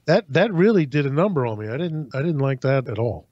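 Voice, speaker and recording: Man, casual podcast storytelling, animated, dry close sound, slightly muffled. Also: mid-range voice, fairly quick, no echo. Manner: animated, acts out voices in anecdotes.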